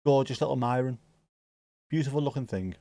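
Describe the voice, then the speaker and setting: A man's voice: medium pitch, fairly quick, warm tone, dry recording. A man hosting a football watch-along stream, chatting casually and joking as he reads viewer comments.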